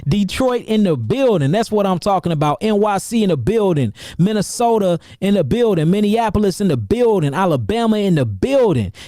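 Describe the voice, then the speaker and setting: Speaking in a high register, this St. Louis, Missouri, USA man is an herbalist who pumps up his livestream audience with quick, repeated shout-outs and slangy talk about his seminars. His energy stays high and repetitive throughout. The recording is dry and close-miked, with no room sound.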